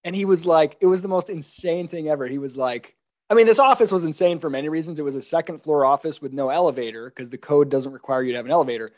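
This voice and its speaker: Animated man telling stories, casual chat. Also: on the high side, fast. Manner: animated storyteller, acts out quotes with laughs. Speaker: podcast host.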